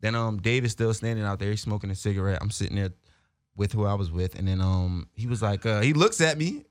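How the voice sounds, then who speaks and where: A man's voice: lowish voice, fairly quick, no room sound. A young man, a podcast co-host, telling a story in casual chat, swearing and acting out the voices of people he quotes.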